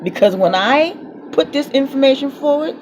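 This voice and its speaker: A woman's voice: sits high, expressive, normal speed, slight background noise, low-quality recording. A woman with a New York accent films her apartment and vents her anger with defiant, repeated phrases, laughing between lines. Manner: defiant, repetitive, laughs mid-rant. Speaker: public housing tenant vlogger. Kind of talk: angry phone-camera vlog. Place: apartment, indoors.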